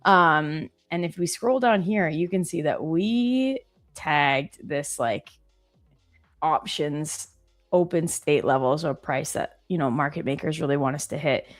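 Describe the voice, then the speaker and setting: A woman in her thirties with a notably low voice hosts a live stream in a loose, chatty way. She tells anecdotes, fills her talk with "like" and "um", and faint music plays underneath. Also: a little slow. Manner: chatty and storytelling, with many fillers. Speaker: trading stream host. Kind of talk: casual live-stream chat.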